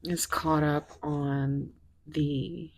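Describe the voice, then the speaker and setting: Husky low-voiced woman doing a tarot reading, dry close sound. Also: fairly even intonation, drawn-out words, darkish tone, dry recording. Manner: musing, thinks aloud with fillers. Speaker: tarot reader.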